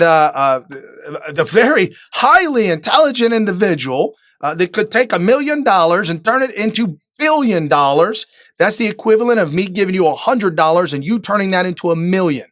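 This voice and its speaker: A man's voice: sits high, fairly bright tone, dry recording, studio quality. A man hosting a live political talk show, talking emphatically with many fillers and restarts.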